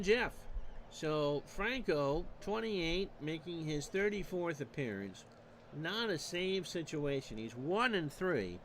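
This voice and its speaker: A man calling baseball play-by-play for a streamed replay, measured and stat-heavy with dry asides. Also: fairly high pitch, a bit bright, slight background noise. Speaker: play-by-play announcer.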